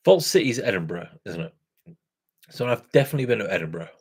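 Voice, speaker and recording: A man's voice: lowish voice, sing-song, quick pace, slightly rough. Rambling, chuckling man. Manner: rambling, chuckling, self-correcting. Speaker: craft beer channel host. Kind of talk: casual rambling chat with viewers.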